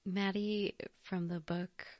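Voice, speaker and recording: A woman hosting a podcast interview, speaking in a soft, affirming and unhurried way. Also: mid-range voice, level tone, dry recording. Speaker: podcast host. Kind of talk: interview conversation.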